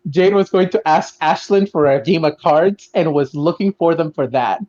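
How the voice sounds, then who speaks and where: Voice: medium pitch, normal speed, dull audio, crowd noise. A player describing their character's actions hesitantly in a tabletop game. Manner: hesitant, trailing off.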